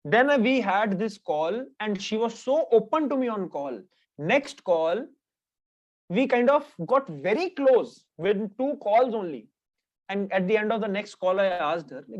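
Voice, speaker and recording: A man with an Indian English accent teaching dating tips in a brisk, animated coaching lesson, mixing Hindi slang into his English. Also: high voice, dull audio.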